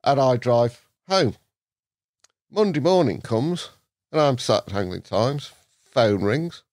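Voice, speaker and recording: A man from England telling a story as a podcast guest. He is lively and acts out the other people in the story with short put-on voices. He is recorded on a dry close mic with no room sound. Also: medium pitch, takes it slowly, no echo. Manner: lively, acts out voices in his stories, laughs often. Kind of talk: anecdotal storytelling.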